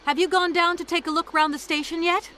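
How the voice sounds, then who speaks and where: A polite dry-witted lawyer. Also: female voice, extremely high pitch, steady tone, quick pace, pushed and bright. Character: polite American woman lawyer. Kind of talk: game voice acting.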